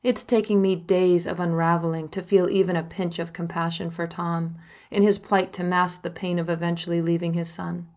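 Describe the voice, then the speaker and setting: Young woman reading her own memoir, intimate and personal, a bit low-pitched. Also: level tone, normal speed, darkish tone. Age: young adult. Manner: intimate first-person storytelling, emotional quoted lines. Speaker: narrator and author of a memoir. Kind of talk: audiobook memoir narration.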